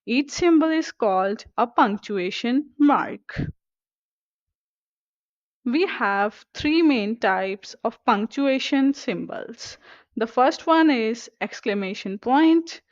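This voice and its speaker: A woman teaching a scripted grammar lesson, speaking slowly and carefully. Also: a little high, dry recording. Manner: slow, careful and deliberate. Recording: dull, lo-fi recording.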